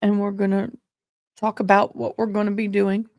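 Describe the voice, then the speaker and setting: A middle-aged woman hosting a casual livestream about court cases, speaking haltingly with many pauses, grieving and close to tears. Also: medium pitch, little pitch movement, a little mellow, dry recording. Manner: halting, pausing often with ums. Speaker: courtroom commentary host.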